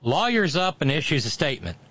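A man's voice: fairly high pitch, sing-song, a little fast, fairly bright tone, no echo, lo-fi sound. A man hosting casual political commentary, sardonic and mocking, with frequent asides.

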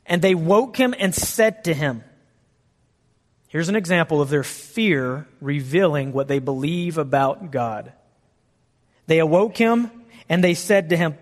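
A man with a fairly high voice preaching in a lively, conversational style, often turning to his listeners with questions. His words carry a long echo, as if spoken in a big hall. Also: normal speed. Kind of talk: sermon.

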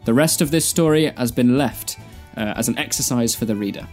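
A man of middle pitch co-hosts a casual podcast, reading a daft fan fiction aloud and cracking up as he goes. Faint music sits under his voice. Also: brisk, a little mellow. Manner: laughing through comic lines. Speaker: podcast co-host.

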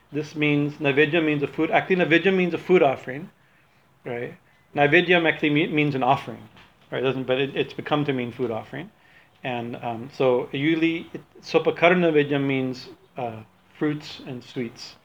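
A man's voice: on the high side, normal speed. Rambling man teaching on ritual. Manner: rambling, self-correcting, laughs often. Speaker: religious teacher. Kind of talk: informal religious talk. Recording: dull lo-fi recording.

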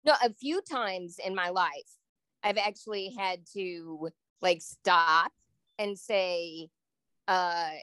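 A woman's voice: on the low side, slow pace, pushed and bright, clean tone, dry recording. A woman speaking as a guest with her brother, chatty and blunt, laughing often. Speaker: guest, host's sister. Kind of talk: casual chat.

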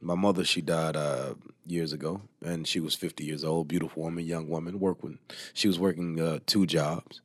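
A man's voice: extremely low pitch, fairly even intonation, normal speed, dry recording, clean studio sound. A man, talking emphatically as an interview guest, often laughing. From Alabama, US. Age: 30s. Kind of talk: casual interview talk.

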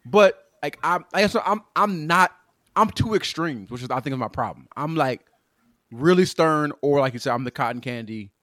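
A man's voice: fairly high pitch, lively intonation, normal speed, a bit bright, dry recording, studio quality. A man co-hosting a podcast, chatting casually about parenting in a rambling way with many restarts. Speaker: podcast co-host. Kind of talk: casual chat.

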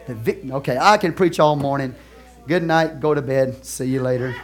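A man with a Texan accent, a pastor preaching a sermon, moving from soft conversational asides to loud exhortation and joking with the congregation. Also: mid-range voice, moderate pace. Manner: laughs and jokes with the congregation.

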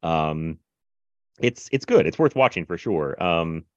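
A man casually reviewing a film in animated, rambling podcast chat, full of fillers and laughs. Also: deep voice, slow, dry recording, dull audio. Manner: animated, filler-heavy retelling with laughs and mimicry.

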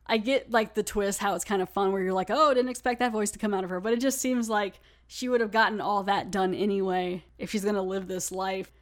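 A woman's voice: mid-range voice, fairly even intonation, brisk, hardly any pauses. A young adult woman hosting a podcast, casually recapping an episode in a chatty way full of "like" and laughter. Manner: chatty, laughs, many "like" fillers. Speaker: podcast host.

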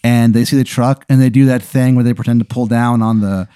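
Deadpan man spinning an absurd story. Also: mid-range voice, clear, resonant tone, no echo, studio quality. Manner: deadpan, drawn-out narration with sudden absurd turns. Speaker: podcast host telling an improvised story. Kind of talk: comedic improvised storytelling.

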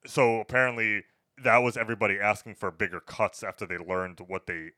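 Fast-talking man, bright and crisp. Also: lowish voice, no room sound, clean studio sound. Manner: animated, swears freely, bursts into loud quoting. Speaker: podcast co-host. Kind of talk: casual chat.

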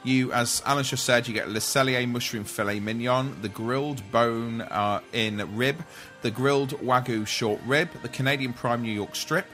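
A man's voice: medium pitch, moderate pace, a bit bright, soft background music. A man hosting a casual podcast chat, reading out menu items and laughing along with his co-hosts. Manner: chatty, reads out menu lists, laughs often. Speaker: podcast host.

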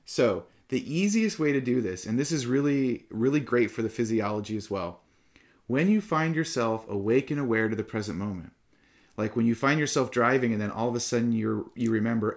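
A middle-aged man giving a Dharma talk to his students as a meditation teacher, calm and reflective but livelier when he tells stories. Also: medium pitch, fairly quick, creaky.

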